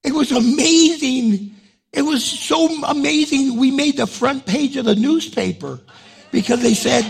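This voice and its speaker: Gravelly, animated Chicano pastor preaching. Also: male voice, moderate pace. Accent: New Mexican Chicano. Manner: animated, acts out dialogue with big pitch jumps. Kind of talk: storytelling sermon.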